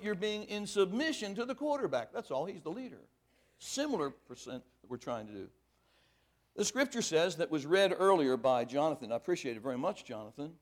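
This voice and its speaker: A high-pitched man preaches a sermon, reading scripture aloud and pressing each point hard before dropping into quiet asides.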